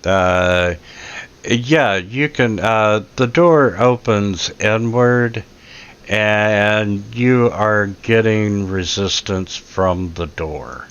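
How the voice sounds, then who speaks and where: A man's voice: on the low side, drawn-out words, a bit bright, smooth. A man running a tabletop game as game master, describing scenes hesitantly with many fillers, on dull lo-fi audio.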